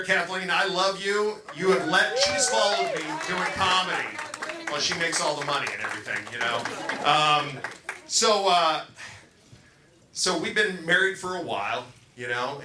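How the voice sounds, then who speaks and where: A man's voice: a little high, normal speed. A middle-aged man doing a stand-up comedy set, talking loosely with lots of fillers and acting out quotes. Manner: loose, rambling delivery with fillers and acted-out quotes. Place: comedy club stage before a live crowd. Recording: echoey club with crowd noise. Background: crowd laughter.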